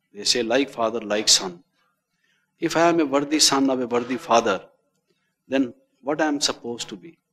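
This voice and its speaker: A man giving a measured, repetitive meditation lecture as a spiritual teacher, often adding "you see". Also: medium pitch, a bit bright, long reverb tail.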